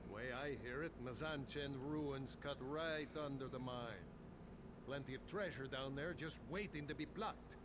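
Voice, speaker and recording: Guy voicing a smug jokey mine lookout in a game, chatty and crude, game audio with a clear hum behind. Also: medium pitch, unhurried, natural voice. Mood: cocky. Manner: joking, boastful, crude humor. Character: cocky, chatty male mine lookout, adult. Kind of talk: video game character dialogue. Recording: game audio with steady background noise.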